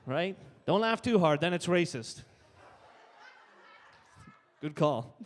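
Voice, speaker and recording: Canadian man, stand-up comic, high-pitched, punchy, reverberant club stage. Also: lively intonation, takes it slowly. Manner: punchy, tags jokes with "right?". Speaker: stand-up comedian. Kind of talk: stand-up set. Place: live comedy stage.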